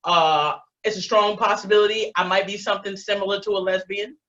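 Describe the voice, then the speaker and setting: A woman's voice: mid-range voice, steady tone, fairly quick, a bit bright. Woman in her 40s doing stand-up, foul-mouthed and brash, kinda muffled lo-fi stream. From Baltimore, USA. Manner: profane, brash, streetwise storytelling. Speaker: stand-up comedian. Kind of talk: stand-up comedy set.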